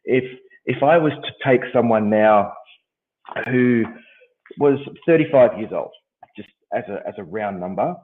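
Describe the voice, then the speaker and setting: A man gives an online conference presentation, his voice croaky from a head cold. He talks hesitantly, full of ums and restarts. His voice sits on the low side, and it comes through a thin, phone-like line.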